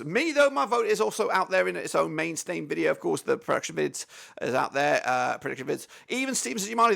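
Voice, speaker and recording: A man's voice: fairly high pitch, vocal fry, a bit bright. A man hosting a casual football match preview, chatty and upbeat, saying "of course" over and over. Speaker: football channel host.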